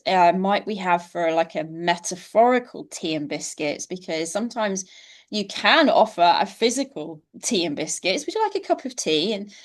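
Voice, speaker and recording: A woman hosts a relaxed interview over a video call, her voice at an ordinary pitch. She talks casually and thinks aloud as she moves to the next question. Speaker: host.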